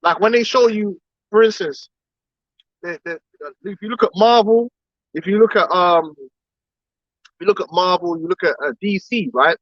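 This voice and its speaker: High-voiced man lecturing emphatically. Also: moderate pace, long pauses, no echo. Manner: emphatic, rhetorical questions, repeats words. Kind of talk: impassioned lecture. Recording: dull, dry recording.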